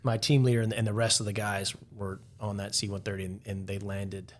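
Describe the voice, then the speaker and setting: A man's voice: on the low side, flat delivery, brisk. A man as a podcast guest, telling a story in a loose, casual way, with lots of "like" fillers.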